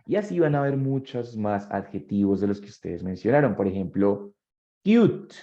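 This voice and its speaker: A man's voice: lowish voice, very animated, a little fast, dark tone, muffled recording. A male English teacher, giving a bilingual classroom lesson and quizzing his students. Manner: switches between English and Spanish, quizzes students.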